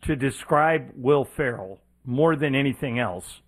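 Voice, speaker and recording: A man co-hosting a sports radio show, telling a story in a relaxed, conversational way. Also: medium pitch, measured pace. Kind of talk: casual radio banter.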